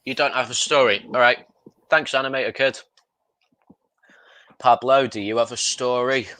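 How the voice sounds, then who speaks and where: A man's voice: mid-range voice, fairly even intonation, fairly quick, pushed and bright, no echo. A young man hosting a casual voice call, talking in a bossy, teasing way. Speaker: host of a story call. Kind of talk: casual chat over a voice call.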